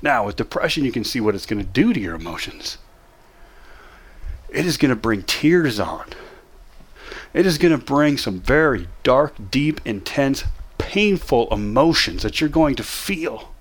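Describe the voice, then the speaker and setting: A man speaks as a counselor giving a motivational lesson. He talks straight to the listener in short, emphatic bursts, repeating commands for effect. His voice sits at a middling pitch but leaps and dips with animated, lively intonation. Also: a little slow, husky. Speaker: counselor teaching depression management. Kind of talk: motivational teaching talk.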